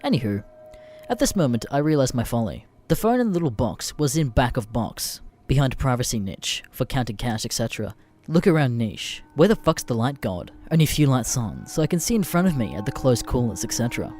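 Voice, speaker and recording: A man reads an internet horror story aloud. His delivery is deadpan and often profane, and his pitch swings a lot. Faint music plays underneath. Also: fairly quick. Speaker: narrator. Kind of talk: scripted narration of internet stories.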